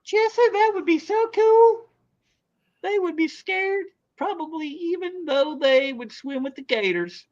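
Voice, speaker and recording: A man putting on a cheerful, excitable Southern woman in a high falsetto. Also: unhurried, dull audio. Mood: gushing.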